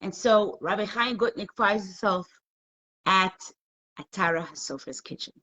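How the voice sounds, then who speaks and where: Animated woman telling a story. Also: medium pitch, normal speed. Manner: animated, conversational, acts out quotes. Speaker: Torah class teacher. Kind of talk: storytelling in a live class.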